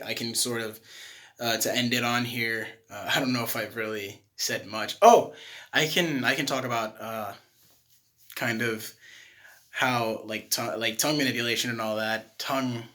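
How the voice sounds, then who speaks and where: A young man explains vocal technique in an off-the-cuff lesson. His speech wanders, with lots of fillers, restarts and casual swearing. His voice sits at an average pitch for a man. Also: fairly bright tone, a little hiss or hum. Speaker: self-taught vocal tutor. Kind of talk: casual tutorial monologue.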